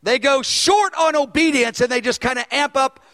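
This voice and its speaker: A man preaching a sermon and teaching a Bible study, animated, and acting out dialogue when he tells stories. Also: very high voice, normal speed. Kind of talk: sermon with storytelling.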